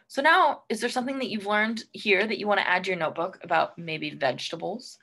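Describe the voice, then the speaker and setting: A woman's voice: mid-range voice, fairly quick, hardly any pauses, sharp tone. A woman teacher reading a picture book aloud to young students and coaxing them with questions about what they learned.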